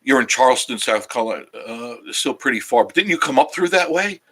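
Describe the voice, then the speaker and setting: A man's voice: medium pitch, animated, quick pace, pushed and bright, husky. A tired man chats casually with his audience from a cabin couch. He rambles, loses his train of thought and circles back, in an easygoing, friendly travel-vlog way. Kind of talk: casual live-stream chat with viewers. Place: cabin living room, sitting on a couch.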